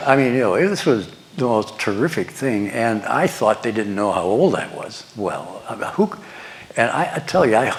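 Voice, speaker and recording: A man's voice: lowish voice, a little hiss or hum. An older man giving a lecture, telling wry anecdotes with chuckles to an audience. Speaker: guest lecturer. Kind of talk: storytelling lecture. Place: lecture hall before an audience.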